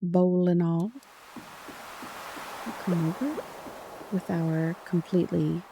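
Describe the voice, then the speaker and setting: Quiet, playful woman with a gravelly edge. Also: on the low side, takes it slowly, background noise. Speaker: gaming channel host. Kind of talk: soft, relaxing gameplay commentary. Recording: game music underneath.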